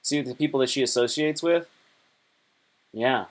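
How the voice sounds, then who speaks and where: A man chatting loosely on a livestream, full of slang and asides. His pitch sits mid-range for a man. He rambles and jokes as he reads posts off his screen. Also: moderate pace. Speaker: livestream host. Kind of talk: casual chat.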